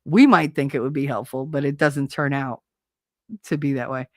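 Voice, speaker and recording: A woman's voice: a bass voice, fairly even intonation, moderate pace, no echo, studio quality. A woman from New Jersey with a Jersey accent and a slight Southern twang, hosting a podcast as casual, opinionated chat, blunt and profane. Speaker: podcast host.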